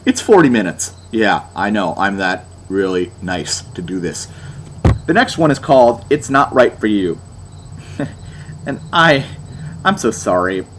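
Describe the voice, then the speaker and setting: A man's voice: lowish voice, lively intonation, a little slow, a bit bright, a little hiss or hum. A young man giving a sarcastic, exasperated album review, mocking as he goes.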